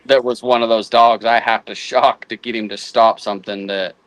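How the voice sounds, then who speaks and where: A man's voice: mid-range voice, steady tone, a bit bright, no echo, rough recording. A man in a casual chat, often restarting and repeating words as he works out his thought. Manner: halting, repeats words while thinking. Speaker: guest houndsman.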